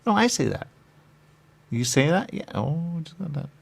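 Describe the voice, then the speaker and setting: Male comic, gravelly husky voice, absurd playful banter, lively delivery. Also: fairly high pitch, normal speed. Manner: absurd, playful back-and-forth, some whispered asides. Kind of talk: improvised comedy banter.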